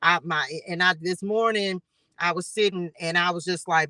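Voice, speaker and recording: Man, tarot reader on a live stream; high, bright voice; chatty, sermon-like, talks straight to viewers. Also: steady tone, moderate pace, no echo, poor audio. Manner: chatty, preachy, keeps addressing viewers as y'all and baby. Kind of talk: live spiritual tarot reading.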